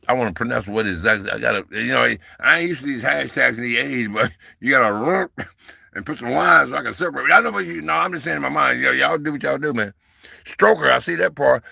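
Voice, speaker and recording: A man's voice: fairly high pitch, creaky, bright, forceful tone, dry recording, studio quality. A man in his sixties hosting a casual livestream, speaking in a folksy, preacher-like way, calling viewers baby and brother, and getting fired up and playful with his chat. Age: 60s. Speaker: livestream host.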